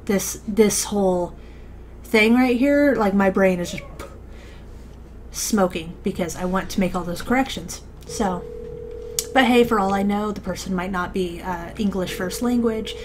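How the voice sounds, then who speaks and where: Slow, hesitant woman gaming commentator. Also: medium pitch, a little hiss or hum. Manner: hesitant, rambling with many fillers and restarts. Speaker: let's play commentator. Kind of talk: casual gameplay commentary.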